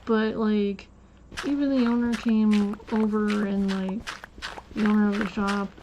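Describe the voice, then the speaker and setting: A woman's voice: mid-range voice, level tone, a little slow, background noise. A woman streamer telling a casual, rambling story while she plays, with lots of restarts and fillers.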